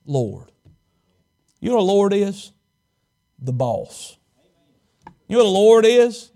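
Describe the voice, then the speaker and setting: A male pastor from Southwest Virginia, preaching a sermon and stretching out key words for emphasis. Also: high voice. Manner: dramatic preaching, slows and stretches key words, tells folksy stories.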